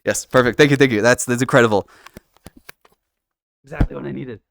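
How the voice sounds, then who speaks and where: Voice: medium pitch, a little fast, vocal fry, a little hiss or hum. A live streamer chatting casually while exploring, rambling and self-deprecating.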